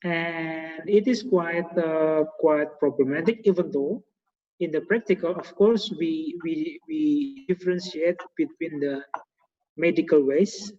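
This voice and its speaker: Halting Indonesian-accented man on a muffled call. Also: a little high, animated, warm tone. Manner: halting, many fillers and repeated words. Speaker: host of a guest lecture webinar. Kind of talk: hesitant conversational English on a video call. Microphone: video call. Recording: echoey, muffled video call audio.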